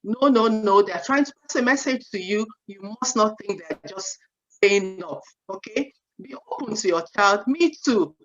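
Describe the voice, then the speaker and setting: A woman in her forties giving an animated parenting talk at a seminar, often saying "you know" and acting out what parents and children say. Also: mid-range voice, moderate pace. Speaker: seminar speaker. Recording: dull lo-fi sound.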